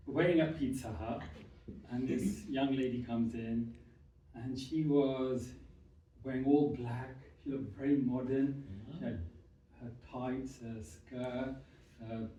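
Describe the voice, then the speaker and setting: A man's voice: mid-range voice, darkish tone. A man giving a prepared speech to an audience, telling a humorous personal story and acting out the voices of the people in it. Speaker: club speaker. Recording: echoey hall from far off, faint noise.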